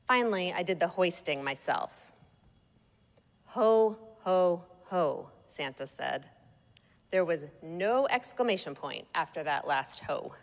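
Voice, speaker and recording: Slow, wry woman reading a memoir. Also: lowish voice. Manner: wry, measured storytelling. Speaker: narrator. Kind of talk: personal essay read aloud. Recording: long echoey reverb.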